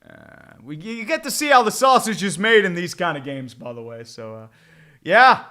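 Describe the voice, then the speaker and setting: A man with a fairly high voice calls a game live on a stream, piling on sarcasm and curses as his team struggles. He drifts through filler words and repeated groans. His tone is bright and forceful. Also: big pitch swings, moderate pace. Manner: exasperated, sarcastic, swears often. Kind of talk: live game watch-along commentary.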